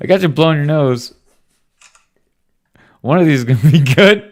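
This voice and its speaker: A man's voice: medium pitch, expressive, normal speed, long pauses. A man talking casually as a father hosting a home podcast with his son, teasing and joking with him. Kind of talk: casual late-night chat.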